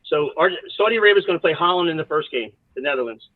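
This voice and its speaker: This man's voice is a little high and he races along, telling animated, wandering stories packed with asides. He's a college soccer coach appearing as a podcast guest, heard on a dry, tinny, phone-like line.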